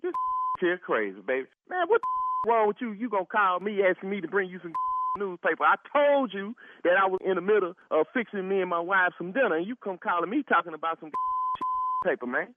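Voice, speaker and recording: A man's voice: high voice, very animated, a little fast, no echo. A man taking a prank phone call, exasperated and often breaking into laughter. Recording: tinny phone line.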